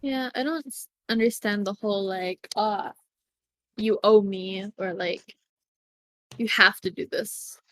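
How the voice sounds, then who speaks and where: This podcast co-host chats casually, candid and blunt, leaning heavily on "like" as a filler. Her medium-pitched voice is steady, slow, and fairly bright, captured in a dry recording.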